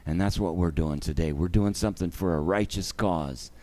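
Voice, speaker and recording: A man's voice: low voice, normal speed, mellow. A man hosting a charity livestream, talking emotionally and expressively to his viewers.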